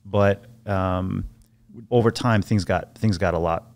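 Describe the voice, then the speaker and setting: A man, a former soldier, telling stories as a podcast guest in a casual, animated way with many restarts. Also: deep voice, slow. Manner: animated storyteller, acts out quoted voices, many restarts. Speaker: podcast guest, former Navy SEAL sniper. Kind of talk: casual storytelling interview.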